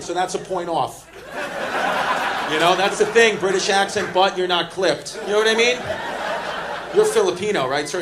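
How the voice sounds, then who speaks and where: A man from Queens, New York, with a slightly high voice does brash, profane stand-up at a comedy club, teasing people in the crowd. There's background noise, and the live club recording is full of loud crowd laughter.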